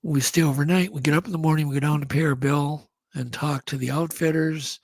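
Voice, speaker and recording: A man, a guest on a show, telling a story in a casual, animated way and acting out the sounds. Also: fairly high pitch, fairly quick, vocal fry, no echo. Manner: animated, acts out sounds and quotes.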